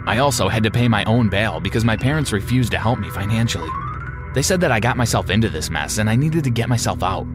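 A man with a fairly low voice reads a first-person story aloud, steady and measured. Music plays clearly beneath his narration. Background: background music.

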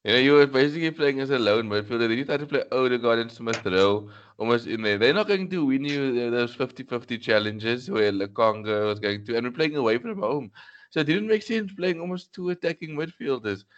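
A man's voice: mid-range voice, fairly quick. Male fan co-host, emphatic and exasperated, muffled lo-fi recording. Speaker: football podcast co-host. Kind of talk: casual football chat. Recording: dull lo-fi audio.

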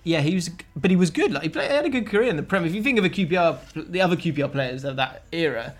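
A man's voice: fairly high pitch, lively intonation, rapid-fire, soft background music. A man hosting a casual football podcast, rambling through stories and laughing as he tells them. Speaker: podcast host.

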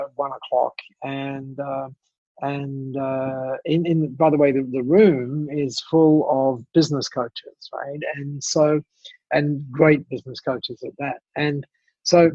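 Male guest storyteller, husky, fairly high voice, dull muffled recording. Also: dry recording. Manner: animated storyteller, many restarts and asides. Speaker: guest speaker. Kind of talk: telling an anecdote in conversation.

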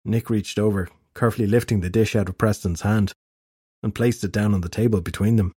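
Husky low-voiced male narrator. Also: fairly even intonation, brisk, warm tone, no room sound, studio quality. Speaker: audiobook narrator. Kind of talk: scripted fantasy narration.

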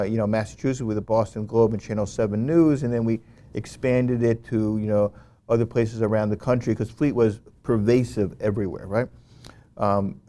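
Male guest, middle pitch, lively anecdote teller who often restarts his sentences. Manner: animated, frequent "you know" fillers and restarts. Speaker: interview guest. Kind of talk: conversational storytelling.

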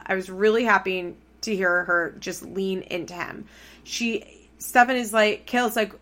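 A young woman recapping a reality TV show in casual, opinionated chat, blunt and quick to swear when annoyed. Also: mid-range voice, fairly even intonation, pushed and bright.

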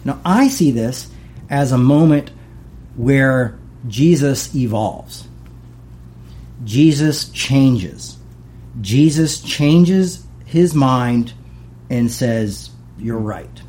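Mellow-voiced pastor preaching casually. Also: male voice, medium pitch, extremely slow, long pauses. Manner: conversational, animated, acts out quoted voices. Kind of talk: casual sermon.

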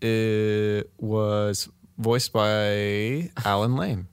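A man's voice: on the low side, extremely slow, clear, resonant tone, dry recording, studio quality. A man co-hosting a podcast, chatting casually and hesitantly, sometimes reading facts aloud. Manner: relaxed, hesitant, reads facts off a phone. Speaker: podcast co-host. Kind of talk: casual chat.

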